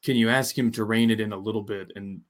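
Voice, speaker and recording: A man co-hosting a sports podcast, talking in a measured way and asking probing questions in casual chat. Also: lowish voice, fairly even intonation. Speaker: podcast co-host.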